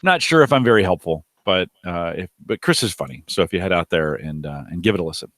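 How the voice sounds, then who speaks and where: A man chatting casually on a podcast in a relaxed, easygoing way. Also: deep voice, quick pace, no echo, studio quality. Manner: relaxed, easygoing, repeats himself. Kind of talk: casual chat.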